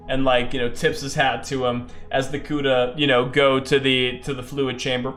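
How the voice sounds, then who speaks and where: A man's voice: medium pitch, level tone, moderate pace, hardly any pauses, a bit bright, reverberant, soft background music. A man narrating his own solo tabletop game in a loose, rambling way, full of fillers.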